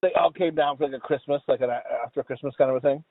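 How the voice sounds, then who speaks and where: A man's voice: mid-range voice, racing, dry recording. A man in his forties co-hosting a podcast, stuffy and mumbling, who laughs often and swears freely. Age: 40s. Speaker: podcast co-host. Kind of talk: casual chat. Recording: tinny phone-like call audio.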